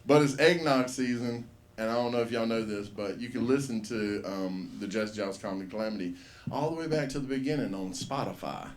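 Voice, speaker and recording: A man hosting an open mic, telling a profane, animated stand-up story and acting out the quotes. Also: mid-range voice, normal speed, slight background noise.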